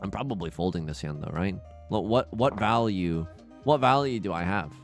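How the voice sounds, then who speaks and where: Animated young man commentating a game. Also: low voice, normal speed, soft background music. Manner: dramatic, self-mocking, swings from hushed to yelling. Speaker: let's play host. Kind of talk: casual gameplay commentary.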